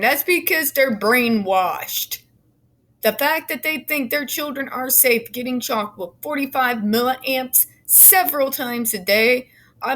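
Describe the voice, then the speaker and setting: A woman with a somewhat high voice reads a report aloud for her channel and tears into it between passages. She is fiery and sarcastic, swears freely, and sometimes stumbles over her words. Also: a bit bright. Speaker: YouTube commentator. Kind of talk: reading a report aloud with ranting commentary.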